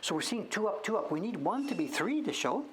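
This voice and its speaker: A man hosting a casual show-and-tell, thinking aloud as he sounds out names, sometimes dropping to a whisper and breaking into excited praise. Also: high-pitched, fairly quick, slight background noise. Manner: drops to whispers now and then. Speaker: host.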